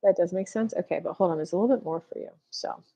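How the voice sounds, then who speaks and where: A woman's voice: on the low side, fast, creaky, dark tone. Chatty woman reading tarot live. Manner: chatty, acts out little dialogues, lots of "like". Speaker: tarot reader.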